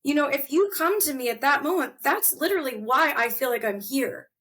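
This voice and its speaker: A woman hosting a podcast in casual chat, animated and heartfelt, laughing often as she talks. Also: high voice, fairly quick. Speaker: podcast host.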